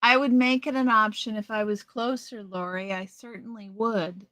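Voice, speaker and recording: A woman's voice: medium pitch, fairly even intonation, sharp tone, no echo. A middle-aged woman hosting a live stream, chatting casually and rambling as she answers viewers. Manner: chatty, slow, rambling with restarts.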